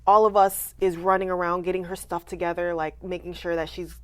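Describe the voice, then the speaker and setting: A woman's voice: fairly low pitch, fairly quick. A woman in her late twenties, a wrestler and interview guest, telling her story candidly and acting out what people said to her. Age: late 20s. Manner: animated, acts out quoted voices, laughs often.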